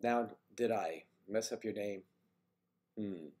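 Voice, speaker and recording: Hosting a casual morning livestream, a man reads out viewers' names and comments and answers them with easygoing jokes and asides. His voice is lowish and a little mellow, and he speaks slowly.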